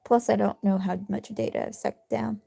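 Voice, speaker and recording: A woman chatting casually on a late-night phone livestream from her bed, rambling and self-deprecating, sometimes dropping to a soft whisper. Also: medium pitch, level tone, normal speed, gravelly, husky. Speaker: streamer. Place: cozy bedroom at night.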